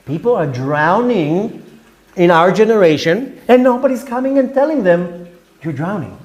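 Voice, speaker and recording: Man, rabbi, fiery sermon, very high voice, rebuking, rhetorical questions, loud-then-hushed delivery. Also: lively intonation, normal speed, lo-fi sound. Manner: fiery, rebuking, swings between shouts and hushed tones; repeats words for emphasis, asks rhetorical questions. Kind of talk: impassioned sermon.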